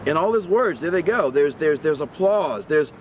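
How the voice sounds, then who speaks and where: A man reading a children's picture book aloud outdoors in a park, pausing to ask his young listeners questions. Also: on the high side, expressive, slight background noise. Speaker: storybook reader for children. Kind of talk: read-aloud storytelling. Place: outdoors in a park on a windy day.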